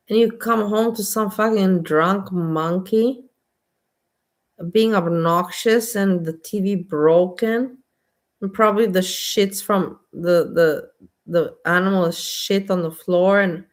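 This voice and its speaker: A woman's voice: medium pitch, slow pace. A woman vlogger with a delivery holds forth in a casual, exasperated rant. She is blunt and keeps repeating herself, in an everyday mid-range voice. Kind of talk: casual ranting monologue.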